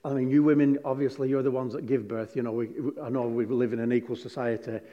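A man's voice: mid-range voice, fairly even intonation, fast, mellow, highs cut off. A man preaching a sermon, chatty and conversational, putting questions to his congregation. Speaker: pastor. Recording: long hall reverb.

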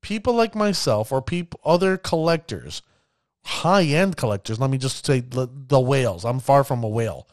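A man giving casual commentary on card games, addressing his viewers as ladies and gentlemen and acting out players' reactions. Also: medium pitch, expressive, moderate pace, no room sound, clean studio sound. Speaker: card game content creator.

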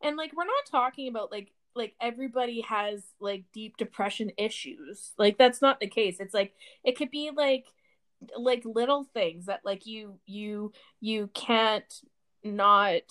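A young woman co-hosting a casual podcast with a somewhat high voice. She teases and jokes freely, and rambles through restarts and fillers as she hunts for her point. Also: a little slow, fairly bright tone. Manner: joking, teasing, rambling with restarts. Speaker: podcast co-host.

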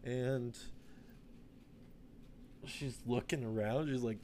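Rambling man pitching a silly movie plot. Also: expressive, slow, a little mellow, a little hiss or hum. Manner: rambling, many fillers, acts out quoted lines. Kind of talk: casual comedic storytelling, pitching a made-up film plot.

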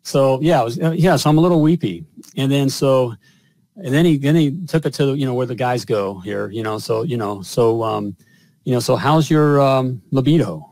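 A man's voice: mid-range voice, moderate pace, darkish tone, no echo. A middle-aged man hosting a show, telling a personal story in a rambling way with lots of fillers and chuckles. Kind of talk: casual storytelling.

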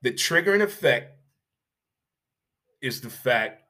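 A man delivering an animated, opinionated sports rant, emphatic and repetitive, with rhetorical questions and blunt, casual swearing. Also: mid-range voice, takes it slowly. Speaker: sports commentator.

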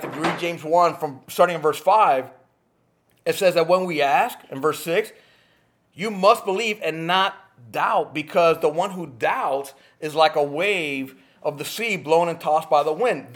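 A man preaching a sermon with passion, rising to near shouts and dropping to quiet, earnest tones. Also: sits high. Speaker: pastor.

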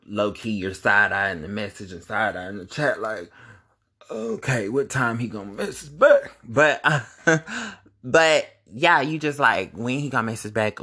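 Bright-voiced young man telling a story. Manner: animated and profane, with sudden high-pitched exclamations. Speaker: vlogger. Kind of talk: casual storytime monologue.

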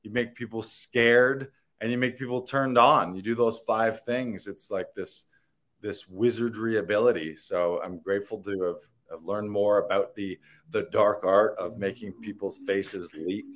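A man's voice: lowish voice, steady tone, unhurried, a bit bright. A man, an actor, talking in a rambling, earnest and playful way in a casual interview, laughing and swearing now and then. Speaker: actor guest.

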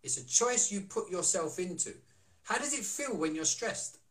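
High, bright-voiced man preaching. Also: expressive, normal speed. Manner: preachy, rhetorical questions, reads out viewer comments. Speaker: wellness coach and co-host. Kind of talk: casual live-stream talk.

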